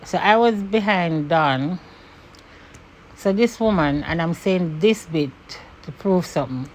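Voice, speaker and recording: A Jamaican woman from Jamaica telling a personal story to camera in an animated way. She swears and slips into patois when she is angry. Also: deep voice, a little hiss or hum.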